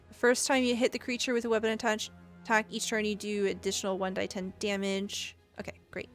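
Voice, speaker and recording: A woman's voice: medium pitch, little pitch movement, fairly quick, faint music behind. A woman running a tabletop game as game master, reading spell and ability text aloud between casual table talk.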